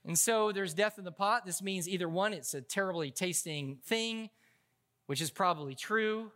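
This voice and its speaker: High, bright-voiced male preacher. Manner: humorous, conversational storytelling with frequent restarts. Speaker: pastor. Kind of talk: sermon.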